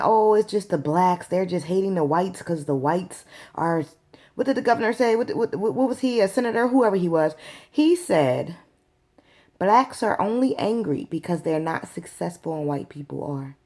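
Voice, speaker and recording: A woman's voice: lowish voice, animated, normal speed, a little mellow. A woman hosting her own video show, talking straight to viewers in a blunt, exasperated rant. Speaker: show host. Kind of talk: casual vlog rant.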